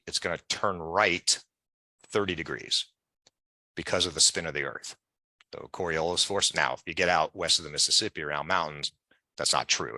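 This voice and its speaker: A man's voice: deep voice, bright, forceful tone, dry recording. A man guest in an interview, telling long casual stories and acting out the people he quotes. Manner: chatty, digressive, acts out quoted voices. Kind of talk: animated storytelling in conversation.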